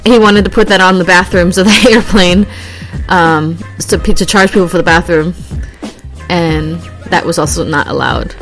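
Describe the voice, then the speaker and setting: A woman chats casually to her viewers in a rambling, easygoing way, laughing now and then. She gets animated when she acts out little everyday scenes. Faint music plays softly behind her. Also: on the low side, normal speed. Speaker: vlogger. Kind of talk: casual chat.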